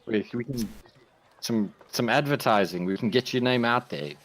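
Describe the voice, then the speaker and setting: A man's voice: medium pitch, normal speed, noisy background. A man playing a tabletop game, talking casually with stammers and jokes. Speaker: player.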